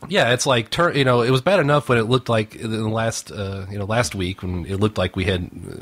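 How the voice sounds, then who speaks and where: A man's voice: lowish voice, brisk, fairly bright tone. A man co-hosting a podcast, reading out news stories and joking in an easygoing, dry way. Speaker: podcast co-host. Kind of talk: casual joking news chat.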